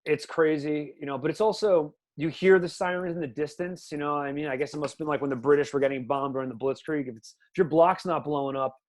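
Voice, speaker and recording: A man's voice: fairly high pitch, fairly even intonation, fast, hardly any pauses. A man in his thirties hosting a podcast in casual chat, rambling and loose, with lots of "like" and "you know". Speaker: podcast host.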